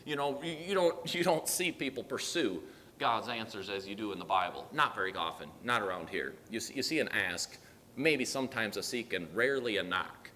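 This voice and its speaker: A man preaching a sermon in an earnest, pleading way, with loud emphatic bursts. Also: on the low side, animated, brisk, slight background noise. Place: church sanctuary. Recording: long hall reverb.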